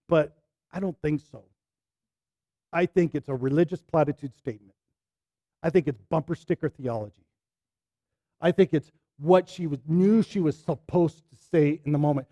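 A man with a high voice delivers a sermon in a plain, conversational tone. His intense, pleading questions give way to quiet, hushed asides. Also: normal speed, long pauses. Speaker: pastor.

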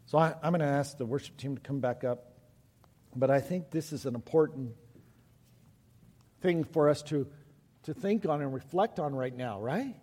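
A man's voice: medium pitch, moderate pace, long pauses, a little mellow. A man preaching a sermon as pastor, earnest and building to impassioned pleading before leading a prayer. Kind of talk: sermon with altar call and prayer. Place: church sanctuary. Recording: long church reverb.

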